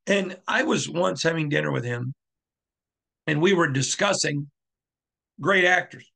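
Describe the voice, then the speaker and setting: A man's voice: fairly high pitch, lively intonation, slow, vocal fry, a bit bright, breathy edge. A middle-aged man hosting a sports podcast, talking in an emphatic monologue and repeating lines for effect. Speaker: podcast host.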